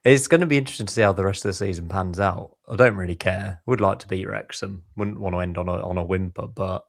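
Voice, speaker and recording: A man with a fairly low voice chats his way through a football podcast as its host. He sounds keen and talkative and keeps the conversation moving. The recording is dry and close, with no room sound. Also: fast talker, no room sound. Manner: chatty, enthusiastic, steers the talk. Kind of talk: casual football podcast chat.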